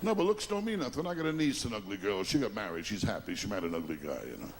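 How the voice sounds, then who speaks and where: A man's voice: lowish voice, big pitch swings, racing, slight background noise. A man doing a stand-up comedy routine, firing off brash one-liners and chuckling at his own jokes.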